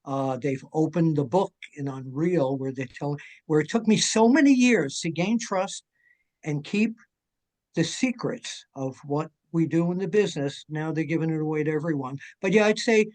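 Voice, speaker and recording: Older man, jokey and lively. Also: a little high, moderate pace. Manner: energetic, jokey storyteller. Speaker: guest, wrestling journalist. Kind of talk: casual chat.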